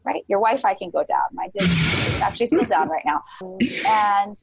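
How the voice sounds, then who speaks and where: A woman in her forties, a podcast guest, talking in a casual and animated way with lots of "like" fillers, often acting out her own past thoughts. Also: medium pitch, normal speed, gravelly, slight background noise, low-quality recording. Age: 40s. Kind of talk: casual interview chat.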